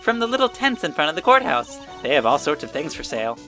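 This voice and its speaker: A perky young assistant from a courtroom game, chirping excitedly in a lifted voice, as a man puts her on. She bubbles over with enthusiasm. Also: a little high, fast talker, soft background music, voice pushed up, full character voice.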